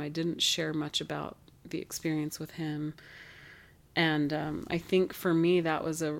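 A woman's voice: low-pitched, little pitch movement, takes it slowly. Candid woman telling her story. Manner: chatty, frequent "like" fillers, retells others' words. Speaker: podcast guest.

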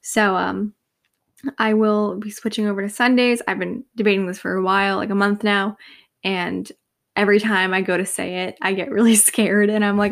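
A woman's voice: mid-range voice, level tone, normal speed, gravelly. A young woman in her twenties hosting a casual solo podcast, tired and yawning, rambling with many fillers. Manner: rambling, filler-heavy, lots of "like". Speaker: podcast host.

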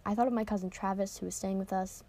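A woman's voice: mid-range voice, fairly even intonation, fast talker, mellow. Woman reading a novel aloud, casual. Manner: casual asides, occasional cursing and restarts. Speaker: reader. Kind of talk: informal novel read-aloud.

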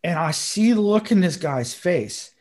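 Man, podcast co-host, pitched a bit high, vivid storyteller who jumps up for quoted lines. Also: unhurried. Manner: animated, acts out quotes with sudden high bursts. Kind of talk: storytelling in casual chat.

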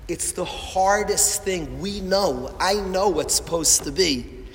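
A man preaches with impassioned repetition, swinging between loud appeals and hushed words. His voice sits a little high. The sound rings out in a large echoey hall with faint ambience. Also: slow, a little hiss or hum. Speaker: rabbi or Torah speaker. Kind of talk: emotional sermon.

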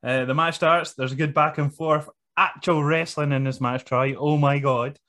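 A man's voice: fairly high pitch, fairly even intonation, moderate pace, pushed and bright. A man co-hosting a casual podcast chat, laughing often, swearing and joking as he recaps a show. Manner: laughs often, swears, does mocking voices. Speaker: podcast co-host.

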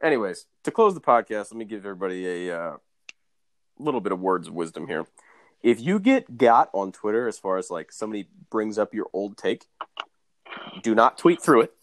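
A man's voice: lowish voice, no room sound. A young man co-hosting a podcast, rambling and joking in casual chat. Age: young adult. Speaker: podcast co-host.

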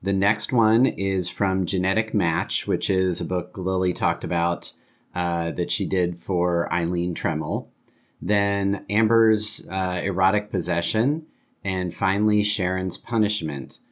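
Guy hosting a podcast, low voice, relaxed and chatty. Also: measured pace. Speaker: podcast host. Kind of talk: casual chat.

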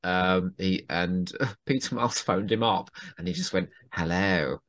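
A man hosting a casual chat, enthusiastic and quick to laugh. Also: low voice, fairly bright tone, dry recording. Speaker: podcast host.

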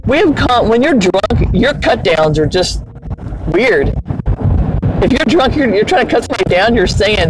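A man's voice: takes it slowly, long pauses, noisy background. A man casually telling a funny bar story while in his car, laughing often and acting out the people he quotes. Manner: animated, laughs often, acts out quotes in a higher voice. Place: inside a car.

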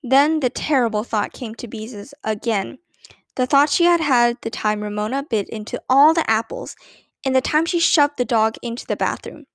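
Woman reading a kids' story aloud, high voice, dry close sound. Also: normal speed, no room sound. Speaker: audiobook narrator. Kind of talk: storybook narration.

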